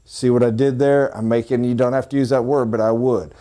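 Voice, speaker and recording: A man giving a sales training talk, blunt and joking, who addresses his audience directly with quick asides. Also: medium pitch, fairly even intonation, dark tone. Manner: blunt, joking, pointed emphasis.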